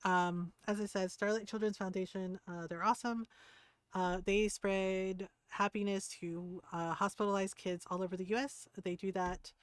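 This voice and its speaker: A woman's voice: mid-range voice, fairly even intonation, moderate pace, clean tone, no room sound, clean studio sound. A middle-aged woman streaming a video game, chatting casually in a rambling way with lots of fillers and easy laughs. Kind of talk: casual livestream commentary.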